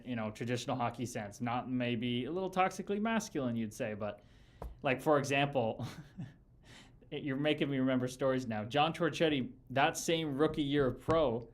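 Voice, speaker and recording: A man hosting a casual live chat, telling rambling, profane stories about his pro hockey days with lots of fillers and restarts. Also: mid-range voice. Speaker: podcast host and former pro hockey player. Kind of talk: casual livestream chat with viewers.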